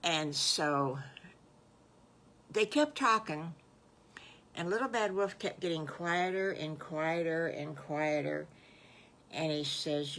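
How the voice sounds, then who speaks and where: An older woman with a Southern US accent telling her own made-up story in a homey, folksy, unhurried way. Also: low voice, a bit bright, a little hiss or hum. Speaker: storyteller grandmother. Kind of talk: improvised bedtime storytelling.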